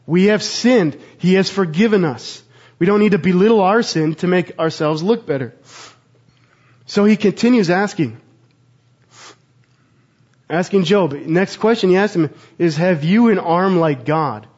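A thirtysomething pastor with a notably high, slightly mellow voice delivers a sermon unhurriedly, pausing often as he puts earnest rhetorical questions to his audience. The audio sounds somewhat muffled and dull.

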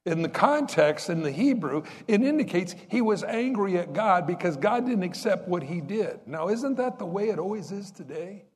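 Male pastor, sermon delivery, talks to the congregation with rhetorical questions, fairly high and very animated pitch, long hall reverb. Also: moderate pace, few pauses.

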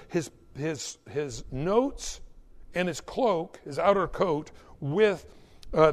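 Animated high-voiced male preacher. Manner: animated storytelling, exhorting. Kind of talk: sermon. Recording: echoey hall.

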